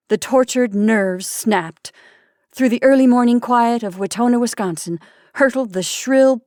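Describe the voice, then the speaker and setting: A woman hosting a storytime show, reading a classic short story aloud in an expressive, measured way. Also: mid-range voice, no echo, studio quality. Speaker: storytime podcast host.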